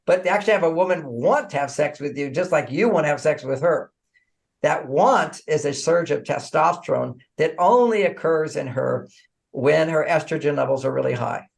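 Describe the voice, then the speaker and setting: A man speaking as an author guest in a podcast interview. He is animated, chuckles often and repeats words as he restarts his sentences. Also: on the high side, normal speed, vocal fry. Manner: animated, acts out dialogue, frequent chuckles.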